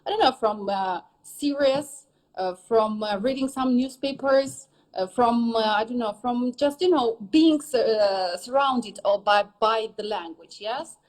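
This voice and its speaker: A woman English teacher in a casual interview, talking in an animated way and ending her points with a checking "yes?". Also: fairly high pitch, a little slow, rough recording. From native English speaker living in Turkey.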